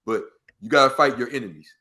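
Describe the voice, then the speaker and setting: A man from Los Angeles with a Los Angeles accent, a podcast guest talking in an animated way, acting out quoted street talk with heavy slang. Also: mid-range voice, fast talker. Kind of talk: casual storytelling interview.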